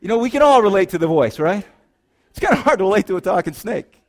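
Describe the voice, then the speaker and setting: A man delivers a sermon from the pulpit in a fairly high voice. He swings between reading scripture and lively, joking asides to his listeners, peppering them with rhetorical questions. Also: fast. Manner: animated, rhetorical questions to the congregation; reads scripture aloud, then riffs with playful asides. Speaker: pastor.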